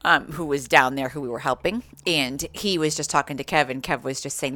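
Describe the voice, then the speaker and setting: A woman's voice: a bass voice, sharp tone, no room sound. A woman from Maine, co-hosting a podcast, chatty and friendly in casual conversation. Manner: friendly, chatty, quick to affirm. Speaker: podcast co-host. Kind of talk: casual chat.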